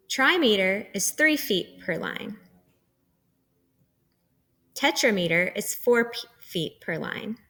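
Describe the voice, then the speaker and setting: A woman's voice: mid-range voice, a bit bright. A woman teacher giving a recorded lecture, explaining terms patiently step by step.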